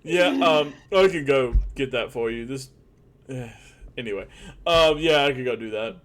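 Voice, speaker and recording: A man's voice: medium pitch, normal speed, fairly bright tone, close to an everyday voice. Man playing a hesitant, blunt prison guard. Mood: reluctant. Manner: hesitant, mumbling, plain-spoken. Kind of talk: tabletop role-play.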